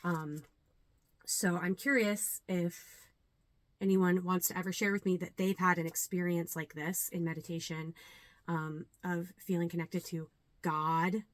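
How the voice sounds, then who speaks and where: A young adult woman, a yoga teacher, talking earnestly and reflectively to camera, with many ums and pauses. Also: fairly low pitch, level tone, no echo. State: a little nervous. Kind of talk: casual talk to camera.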